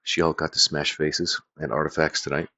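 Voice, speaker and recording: A man's voice: extremely low pitch, flat delivery, moderate pace, sharp tone, muffled recording. A man chatting casually on a live stream as he plays a card game, loose and profane, thinking aloud.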